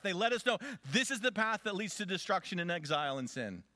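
A man preaching a sermon as a pastor, swinging between loud urging and quiet asides. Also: high voice, big pitch swings, a little fast, few pauses, dry recording, studio quality.

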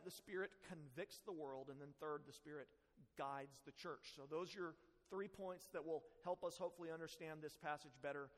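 Pastor guy giving a sermon, kinda high voice, earnest, lots of echo in the church. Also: a bit bright. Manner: earnest, self-deprecating preaching with rising emphasis.

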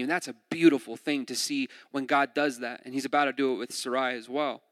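A man's voice: medium pitch, steady tone, fairly quick, fairly bright tone, no echo. A young man preaching a casual, conversational sermon, joking and laughing often and restarting his sentences. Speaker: pastor.

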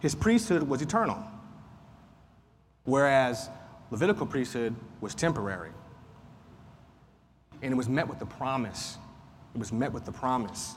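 Man, Sunday school teacher, chatty Bible lesson, lingering reverb and faint hiss. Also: mid-range voice. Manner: conversational, repeats points, frequent fillers. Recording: faint noise, long room reverb.

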